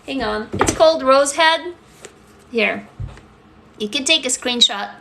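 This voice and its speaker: A woman's voice: high voice, lively intonation, measured pace, noisy background. A woman from Russia, chatting candidly on a live stream as an author, blunt, swearing freely and laughing through heavy topics. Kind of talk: casual live-stream chat answering comments.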